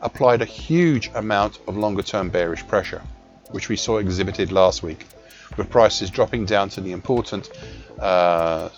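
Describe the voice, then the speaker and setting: Low-pitched male analyst, measured, precise, scripted market commentary, muffled lo-fi sound with faint music underneath. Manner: measured and precise, with small self-corrections. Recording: dull lo-fi recording with faint music.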